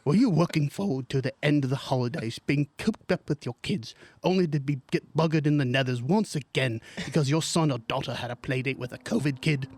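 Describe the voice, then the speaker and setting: A man's voice: fairly quick, hardly any pauses, a little mellow, no room sound, lightly acted. A man doing an impression of a famous British actor, brashly selling a product in a spoof ad. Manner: brash, rambling sales pitch, cracking up. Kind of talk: parody radio ad.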